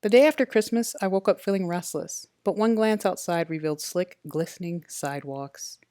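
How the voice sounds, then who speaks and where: A woman reading a first-person detective novel aloud in a steady, matter-of-fact way. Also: lowish voice, moderate pace, no echo. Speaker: audiobook narrator. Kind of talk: first-person audiobook narration.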